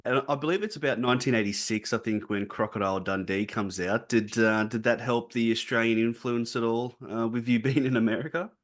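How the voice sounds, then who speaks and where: A man's voice: medium pitch, brisk, few pauses. A man hosting a casual interview, asking friendly conversational questions. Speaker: interviewer, host.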